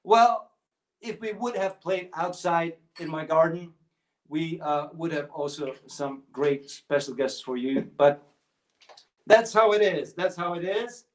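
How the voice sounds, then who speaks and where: A man's voice: on the high side, unhurried. A man fronting a rockabilly livestream from home, bantering loosely between songs with plenty of laughs and filler words. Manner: loose, jokey and chatty, with frequent laughs and fillers. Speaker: rockabilly singer and guitarist performing a livestream show. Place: at home, streaming a virtual concert.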